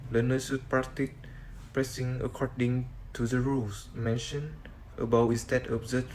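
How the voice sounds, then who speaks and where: A man whose first language is Vietnamese, reading a class presentation on sentence stress in a halting way with many "uh" fillers. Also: medium pitch, little pitch movement, a little mellow, a little hiss or hum, low-quality recording. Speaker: student presenter.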